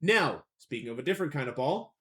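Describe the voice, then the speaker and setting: Young guy cohosting a sports pod, kinda high voice, rambly and chatty, laughs at himself. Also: sing-song, fast, a bit bright. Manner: chatty, rambling, self-deprecating about pronunciation. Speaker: podcast co-host. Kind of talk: casual sports podcast chat.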